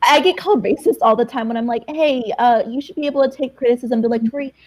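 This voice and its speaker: A woman's voice: on the high side, fast. A young woman chatting on a livestream, telling stories and acting out what people said. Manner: animated storyteller, acts out quotes. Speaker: livestream guest. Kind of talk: casual chat, storytelling.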